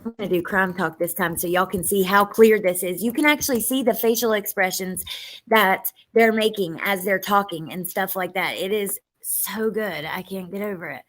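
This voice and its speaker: A woman's voice: mid-range voice, moderate pace, fairly bright tone. A woman hosting a casual true crime livestream, talking in a chatty, rambling way with frequent ums.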